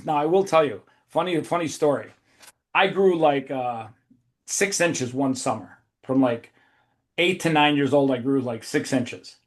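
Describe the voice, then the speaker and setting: A man hosting a casual podcast, telling long rambling stories with frequent restarts and laughs. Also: on the high side. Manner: rambling, self-interrupting, laughs mid-story. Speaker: podcast host. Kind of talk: casual conversational storytelling.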